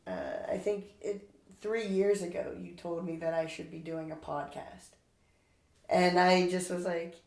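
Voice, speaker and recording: Woman podcast host, lowish voice, casual chat, laughs a lot, trails off with fillers, roomy echo. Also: fairly even intonation, measured pace, creaky, darkish tone. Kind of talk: casual conversation. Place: indoor room, recorded locally.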